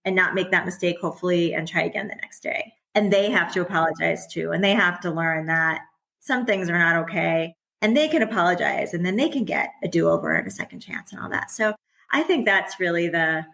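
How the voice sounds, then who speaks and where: A woman's voice: fairly low pitch, expressive, fairly quick, vocal fry, fairly bright tone. Chatty, candid middle-aged woman. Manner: chatty and candid, laughs often while talking. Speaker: podcast guest. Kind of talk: casual conversational interview.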